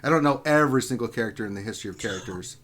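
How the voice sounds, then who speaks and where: A man's voice: medium pitch, rapid-fire. A man casually hosting a lunch-hour gaming livestream, reading viewer questions and bantering with guests. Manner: excitable, reads viewer questions. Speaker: livestream host.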